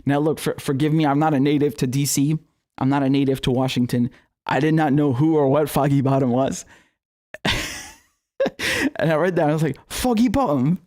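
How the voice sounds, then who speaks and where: A man's voice: medium pitch, steady tone, brisk, long pauses, mellow. A young man hosting a political commentary show, talking casually with heated, profane, sarcastic outbursts and laughing asides.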